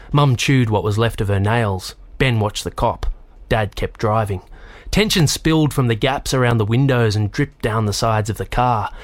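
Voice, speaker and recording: A man reading a children's novel aloud in a measured, even storytelling manner. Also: medium pitch, dry recording. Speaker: narrator. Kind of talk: audiobook narration.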